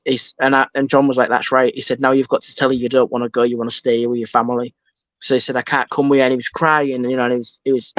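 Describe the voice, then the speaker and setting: A man's voice: mid-range voice, no echo. A man speaks as a podcast guest in a mid-range voice, telling stories with animation and acting out the voices of the people in them. The sound is dry and close to the mic. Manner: animated storyteller, acts out quotes. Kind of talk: casual podcast interview.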